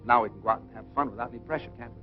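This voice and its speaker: A man's voice: medium pitch, racing, close to an everyday voice. An actor playing a breezy, teasing young American man with an American accent, on a dull old film soundtrack with music. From United States. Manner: breezy, wisecracking.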